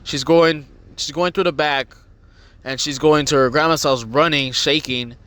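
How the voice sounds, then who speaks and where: A man's voice: on the high side, fairly even intonation, unhurried, a bit bright, clear, resonant tone. A young man hosting a podcast, telling a long story in a rambling way and swearing often. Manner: rambling, swearing, acts out voices. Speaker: podcast host. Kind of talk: casual storytelling.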